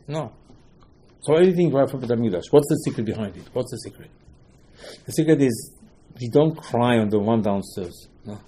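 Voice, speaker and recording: Man, Torah lecture, animated storytelling, rhetorical questions, husky, mellow. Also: medium pitch, brisk. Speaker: rabbi.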